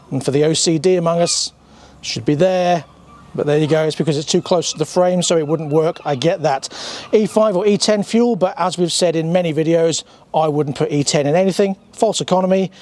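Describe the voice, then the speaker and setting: A British man presenting a motorcycle review in a chatty, scripted walkthrough. His voice sits a touch high for a man, and he slips in dry asides and the odd um. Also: darkish tone. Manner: dry humour, chatty with filler ums. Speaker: motorcycle reviewer and channel host.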